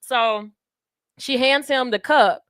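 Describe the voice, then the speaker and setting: A woman's voice: sits high, takes it slowly, smooth, dry recording, clean studio sound. A woman co-hosting a radio talk show, telling stories with lots of giggling. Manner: giggly, animated storytelling. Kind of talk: casual chat.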